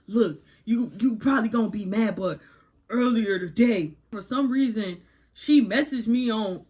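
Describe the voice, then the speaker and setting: A woman voicing her boyfriend, a grown man, in a deliberately dumb, whining voice that repeats itself agitatedly. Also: on the high side, warm tone, breathy edge. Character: whiny, defensive boyfriend, an adult man.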